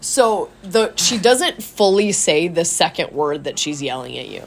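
A woman's voice: lowish voice, measured pace, creaky, a crowd in the background. A woman co-hosting a podcast as a gym coach, telling stories in a casual, laughing way from a small office. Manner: laughing, animated storytelling. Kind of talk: casual chat.

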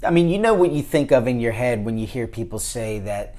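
A man in casual chat as a podcast guest, talking in a relaxed, rambling way with many fillers. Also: medium pitch, a little fast.

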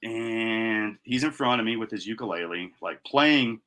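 A man co-hosting a podcast, telling a story in casual chat with plenty of swearing and animated delivery. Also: lowish voice, a little slow. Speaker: podcast co-host.

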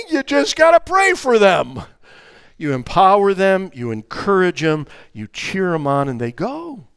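Older man, preacher, sermon, high lively voice, dry close sound. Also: no room sound. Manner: animated, emphatic, acts out family dialogues.

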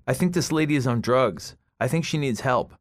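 A man's voice: medium pitch, expressive, moderate pace, no room sound, pitched above the performer's own voice, close to an everyday voice. A man reading the part of a wary young woman helper who speaks in a worried, earnest way. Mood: uneasy.

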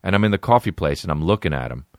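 A man's voice: deep voice, expressive, racing, no room sound, studio quality. A man hosting a podcast, telling a rambling, profane comic story and reading ads. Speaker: podcast host. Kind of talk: comedic storytelling and ad reads.

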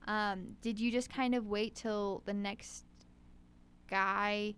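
A young woman co-hosting a casual chat, bubbly and animated, acting out little quoted voices as she talks. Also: medium pitch, slow pace, clean tone. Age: young adult.

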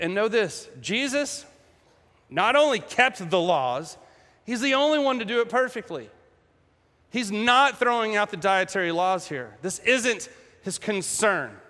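A man preaching a sermon in a casual, humorous and animated way. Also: high-pitched. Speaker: pastor. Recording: echoey hall.

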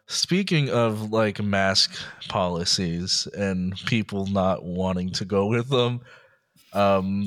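A man's voice: fairly low pitch, a bit bright. Laughing man chatting casually on a podcast. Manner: laughs often while talking, jokey mock voices. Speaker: podcast co-host. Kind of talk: casual chat reading news stories.

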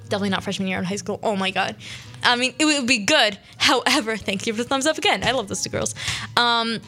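A woman's voice: fairly high pitch, bright, forceful tone. A teenage girl from Syria hosting a small radio show, chatting in a rambling way with lots of fillers. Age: teens. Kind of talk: casual chat.

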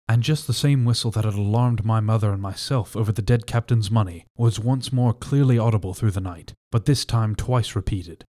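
A man narrating a classic adventure novel as an audiobook reader, in a measured, steady way. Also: medium pitch. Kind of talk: scripted narration.

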